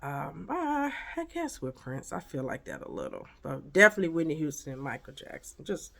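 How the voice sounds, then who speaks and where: Lively, low-voiced woman preaching humility. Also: fairly quick, gravelly. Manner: emphatic, preachy, rhetorical questions. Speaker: motivational vlogger. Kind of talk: casual spiritual pep talk to camera.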